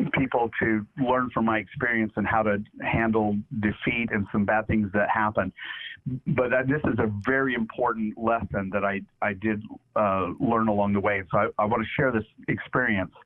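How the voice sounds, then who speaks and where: A middle-aged man giving an earnest personal testimony as an interview guest, halting and often repeating his words. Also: medium pitch, dry recording. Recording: tinny phone-like radio sound.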